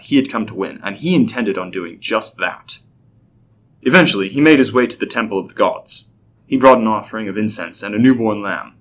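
A man narrating a scripted story in a steady, even way. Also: fairly low pitch, slight background noise.

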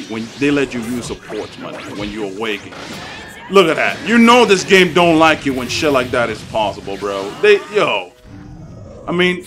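A man giving excitable, profane live commentary over his own game matches, trash-talking opponents and hyping his plays. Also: a little high. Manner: excitable, profane trash talk, swings between hype shouts and mutters. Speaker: gaming YouTuber.

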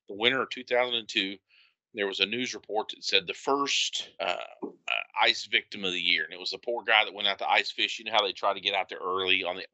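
A man's voice: lowish voice, pushed and bright, no room sound, muffled recording. A man co-hosting a podcast, chatting casually and telling wry, joking stories. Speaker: podcast co-host. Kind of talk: casual chat.

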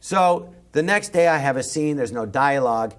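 A middle-aged man, a comedian, telling an animated anecdote in a podcast interview and acting out the voices. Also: medium pitch, normal speed. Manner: animated, acts out every voice, jumps to shouting when excited. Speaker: guest comedian.

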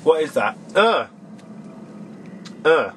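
A man's voice: on the high side, sing-song, extremely slow, fairly bright tone, a little hiss or hum. A young man doing gameplay commentary, grumbling in exasperation and scolding the enemies on screen. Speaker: let's play gamer.

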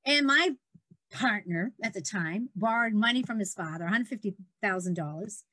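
A middle-aged woman telling stories in casual conversation, animated and laughing often, acting out the people she quotes. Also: mid-range voice, moderate pace, dry recording. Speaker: guest entrepreneur.

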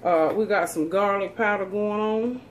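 A woman's voice: medium pitch, normal speed, slight background noise. A woman, chatting folksily to viewers as she demonstrates cooking in her home kitchen. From North Carolina, USA. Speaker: cooking channel host.

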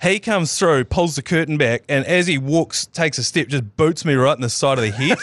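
A man with a New Zealand accent co-hosting a casual podcast, telling stories in a lively way and laughing as he goes. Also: fairly high pitch, moderate pace, hardly any pauses, no echo, studio quality. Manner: lively storytelling, often laughing mid-sentence. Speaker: podcast co-host. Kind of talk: casual chat.

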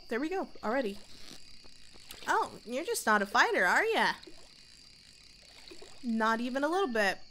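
Slow-talking chatty young woman gamer. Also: on the high side, a bit bright, a little hiss or hum. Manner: chatty, playful, talks to herself. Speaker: gaming youtuber. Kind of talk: casual let's-play commentary.

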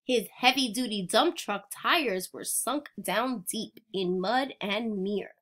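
Woman teacher, unhurried picture-book read-aloud, invites the kids to join in. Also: medium pitch, fairly bright tone. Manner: interactive, prompting children to join in.

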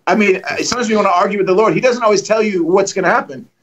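A middle-aged man preaching, telling testimony stories in an animated way and acting out the dialogue. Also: high-pitched, rapid-fire, low-quality recording. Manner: animated, acts out dialogue with lively voices. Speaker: guest preacher. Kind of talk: storytelling testimony.

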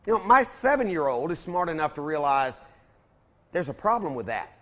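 A man's voice: fairly high pitch, very animated, moderate pace, a bit bright. A man giving a preacher-like lecture to an audience, folksy and emphatic, calling his listeners folks.

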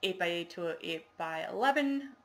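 A woman's voice: lowish voice, lively intonation, slow, fairly bright tone. A woman chatting casually to the camera in a show-and-tell video, rambling with lots of fillers and apologies. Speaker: cross-stitch vlogger.

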